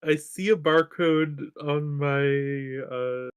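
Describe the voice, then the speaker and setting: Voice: mid-range voice, steady tone, drawn-out words, clean tone, no room sound. A player in a casual tabletop game, hesitant and giggling between answers.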